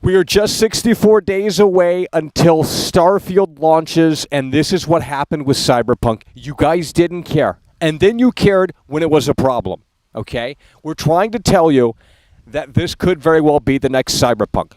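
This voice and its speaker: A man's voice: on the high side, animated, a little slow, a little mellow, no room sound, low-quality recording. A man ranting in a video about games, scolding his viewers in a preachy, repetitive way. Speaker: gaming commentator. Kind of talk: ranting vlog commentary.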